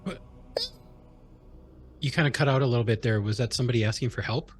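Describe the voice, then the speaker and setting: A man's voice: medium pitch, quick pace, soft background music. A man chatting casually as a player in a tabletop game, easygoing.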